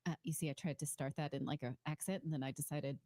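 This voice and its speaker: A woman's voice: low-pitched, fairly even intonation, quick pace, mellow. A woman co-hosting a news talk show, firm and matter-of-fact in her commentary.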